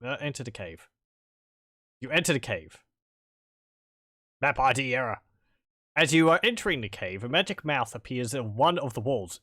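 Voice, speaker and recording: A man's voice: mid-range voice, lively intonation, normal speed, long pauses, pushed and bright, dry recording, studio quality. A man casually commenting on a game as he plays, with wry, rambling asides and chuckles. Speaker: let's play commentator.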